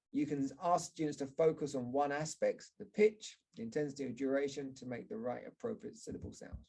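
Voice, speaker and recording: Man, English teacher, gravelly voice, a bit husky, measured teaching talk, models example words. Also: medium pitch, dark tone. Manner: measured, pauses to model word stress with examples. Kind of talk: explanatory teaching talk over slides.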